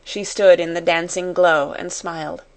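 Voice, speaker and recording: A woman narrating an audiobook in a slow, measured reading voice. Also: fairly low pitch, fairly even intonation, a little mellow. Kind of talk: scripted narration.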